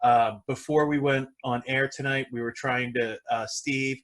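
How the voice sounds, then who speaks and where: A man's voice: mid-range voice, fairly even intonation, normal speed, fairly bright tone. A man hosting a podcast, chatting casually with guests and making wry, joking asides. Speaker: podcast host. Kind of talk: casual chat.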